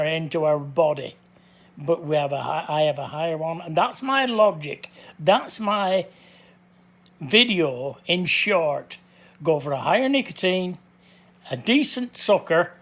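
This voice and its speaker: An older man giving a blunt, plain-spoken monologue to camera, repeating his points to drive them home. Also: a little high. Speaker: vlogger.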